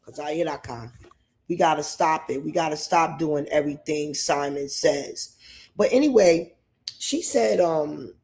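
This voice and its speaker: A man's voice: fairly high pitch, a little slow, creaky, darkish tone. A man from New York State hosting a livestream and giving opinions in a rambling, emphatic way, often repeating himself. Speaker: livestream host.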